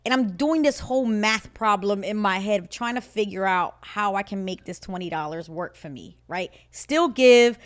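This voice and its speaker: At a moderate pace with few pauses, a woman of medium pitch recounts something from her own life while co-hosting a podcast. The chat is casual, and she tells it with lively energy, laughing frequently and acting out both her own words and those of others.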